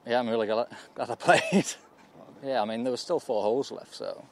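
A man's voice: medium pitch, fairly even intonation, fairly quick, darkish tone. A man who won a golf event, talking modestly and hesitantly about his week. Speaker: golfer interviewed after a win. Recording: faint outdoor noise.

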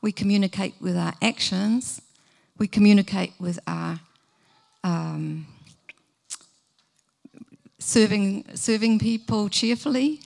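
A woman's voice: medium pitch, slow pace, creaky, pauses often, darkish tone. A middle-aged woman, giving a sermon in an earnest, conversational way and asking the listeners questions. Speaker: preacher.

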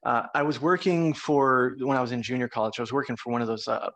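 A middle-aged man hosting a podcast in easy conversation. His voice sits at an ordinary middle pitch. He tells stories in a meandering way, full of uh and you know. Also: steady tone, fast talker, fairly bright tone. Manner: rambling storyteller, frequent uh and you know. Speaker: podcast host. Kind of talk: casual conversation.

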